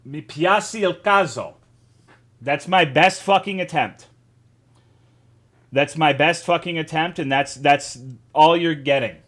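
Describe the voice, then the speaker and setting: A man's voice: a little high, measured pace, pauses often, a bit bright. A man streaming live, chatting casually with his chat, greeting viewers and swearing a lot while joking around.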